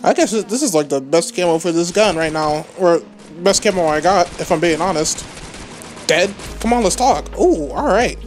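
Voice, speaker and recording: A woman giving live gameplay commentary as a gaming channel host, excitable and rambling, trash-talking opponents. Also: lowish voice, moderate pace, soft background music.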